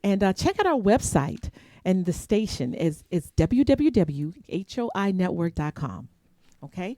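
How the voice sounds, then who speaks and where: A woman's voice: mid-range voice, very animated, measured pace, mellow, no echo. A woman hosting a live show, chatty and rambling, laughing often and losing her place in her notes. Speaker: host.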